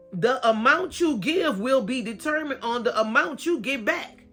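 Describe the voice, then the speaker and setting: A woman's voice: high voice, lively intonation, normal speed, hardly any pauses, pushed and bright, soft background music. Preachy Southern woman in her fifties. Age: 50s. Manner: preachy, repeats phrases for emphasis. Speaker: vlogger. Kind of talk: casual faith talk to camera.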